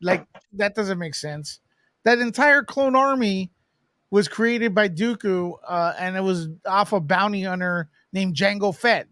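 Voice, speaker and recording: A man co-hosting a casual review chat, talking quick, blunt and casual. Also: high voice, fairly bright tone, no echo, studio quality. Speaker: podcast co-host.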